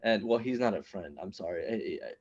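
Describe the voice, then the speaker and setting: A man in his thirties does a rambling, conversational stand-up set at a small online open-mic venue, often breaking off to restart sentences. His voice is on the low side, expressive, darkish, and a little fast, with lo-fi sound.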